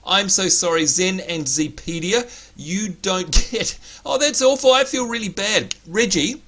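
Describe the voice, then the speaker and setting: A man hosting a casual gaming livestream, chatty and excitable, greeting viewers by name, his voice a little hoarse. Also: high voice, measured pace. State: slightly hoarse. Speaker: livestream host.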